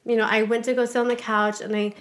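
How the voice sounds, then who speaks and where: A woman's voice: fairly high pitch, flat delivery, fast talker. A woman speaking as a guest on a podcast interview, talking in a blunt, frank way and swearing freely.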